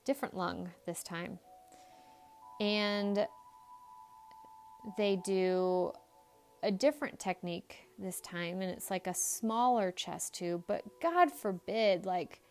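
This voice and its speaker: A woman's voice: medium pitch, slow, long pauses, a little mellow, faint music behind. A woman psychologist hosting a podcast, telling a personal story in a candid, emphatic way with blunt swearing.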